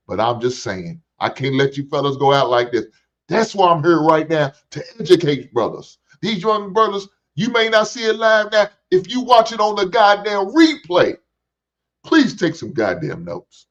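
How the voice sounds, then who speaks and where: A man hosting a show, ranting profanely and preaching at the camera, sometimes taunting in a sing-song voice. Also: a little high. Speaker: show host reacting to clips. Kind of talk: casual commentary. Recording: dull lo-fi sound.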